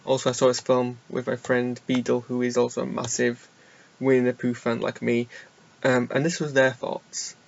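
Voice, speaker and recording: Gravelly young man rambling a film review. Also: mid-range voice, monotone, normal speed, lo-fi sound, slight background noise. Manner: chatty, rambling, self-deprecating. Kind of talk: casual solo film review. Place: indoor room.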